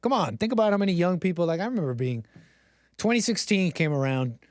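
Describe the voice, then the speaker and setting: A man's voice: high voice, animated, fast talker, no room sound, studio quality. A man hosting a casual livestream, rambling and sarcastic, mocking others with exaggerated gasps. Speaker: livestream host.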